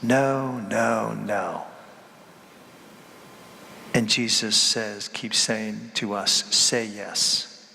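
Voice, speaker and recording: A man's voice: lowish voice, steady tone, very slow, vocal fry, pauses often, bright, forceful tone, long reverb tail. A man giving a sermon as a priest, emphatic, repeating key words and asking the congregation rhetorical questions.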